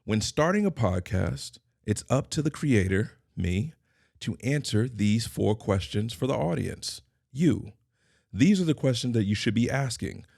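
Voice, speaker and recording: A man's voice: mid-range voice, lively intonation, a little slow, vocal fry, darkish tone, no echo, clean studio sound. A middle-aged man hosting his own podcast, delivering a scripted motivational monologue in emphatic, repeated declarations. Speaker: podcast host and consultant.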